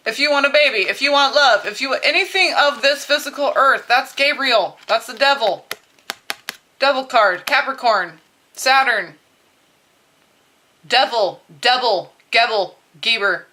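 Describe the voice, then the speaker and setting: Woman, bright voice, tarot reader, chatty and loose, laughs a lot, swears casually. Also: a little high, unhurried, pauses often. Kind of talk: casual spiritual tarot reading.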